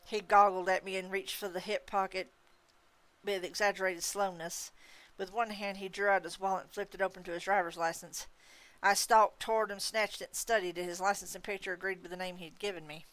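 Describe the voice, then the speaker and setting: A woman hosting a live reading of a novel, narrating in first person with expressive delivery. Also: mid-range voice, fairly quick, no echo. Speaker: host reading a novel on livestream.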